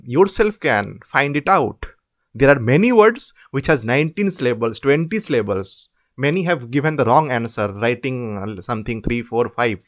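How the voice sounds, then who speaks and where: A man, tutoring students through assignment answers, slowly drawing out example words to demonstrate them. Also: mid-range voice. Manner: drawn-out demonstration words, repetitive. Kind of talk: informal screen-share explanation.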